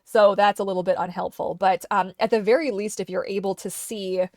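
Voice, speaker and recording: A woman's voice: mid-range voice, steady tone, brisk, darkish tone, no echo, studio quality. A woman live streaming from her desk, chatting casually and rambling with many restarts, her voice slightly worn. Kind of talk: casual livestream chat. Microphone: desk microphone.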